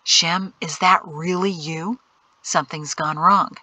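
A woman reading the lines of a wary man in an audiobook, in plain, cautious speech. Her tone is bright and the recording dry and close. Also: on the low side, steady tone, takes it slowly, no echo, heavily acted. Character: watchful man emerging from the dark.

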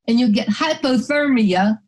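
A woman's voice: fairly high pitch, expressive, a little slow, a little mellow, rough recording. A woman voicing a fussy, protective older wife who scolds and calls people honey. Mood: fretful. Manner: bossy, scolding, fond of "honey".

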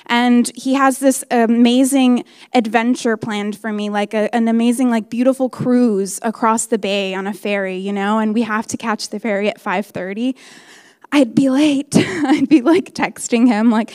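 A woman's voice: on the high side, no room sound. Candid woman in her thirties doing stand-up. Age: 30s. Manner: candid, deadpan storytelling with quick voiced asides. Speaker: stand-up comedian. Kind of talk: stand-up comedy set.

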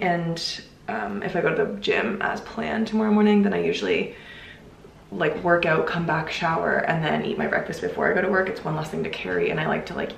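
Her voice sits on the low side and sounds creaky as this young vlogger chats through her day at home in her apartment, rambling into asides. A little hiss or hum runs under the roomy home recording.

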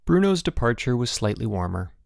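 A man narrating a children's audiobook with an expressive storytelling manner. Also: medium pitch, brisk, gravelly, slight background noise. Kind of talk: scripted narration.

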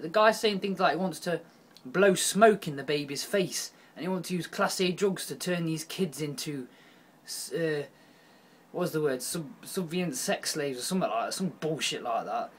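A young man ranting in a video, blunt and profane, swinging from low muttering to loud outbursts. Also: moderate pace, husky. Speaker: vlogger. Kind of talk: heated video rant.

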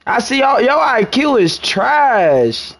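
A man's voice: very high-pitched, very animated, slow, fairly bright tone. A young man giving frustrated live gameplay commentary, scolding his teammates in heavy slang. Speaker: gamer.

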